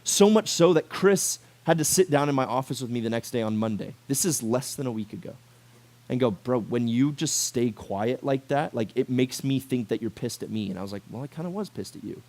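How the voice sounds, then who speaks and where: A man in his twenties giving a sermon to a youth group, talking in a casual and animated way and acting out quotes. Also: medium pitch, brisk. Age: 20s. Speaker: youth pastor.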